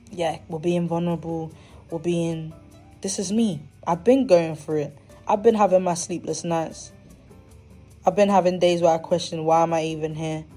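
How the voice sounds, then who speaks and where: A woman's voice: low voice, dark tone. A young woman hosting a podcast, talking candidly and animatedly in a casual monologue with slangy, dramatic asides. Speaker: podcast host.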